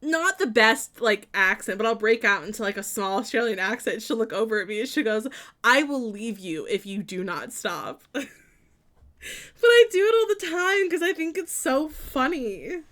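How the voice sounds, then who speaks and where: A woman's voice: fairly high pitch, sing-song, normal speed, fairly bright tone. A young woman streaming a building game, chatting casually with lots of fillers and giggles.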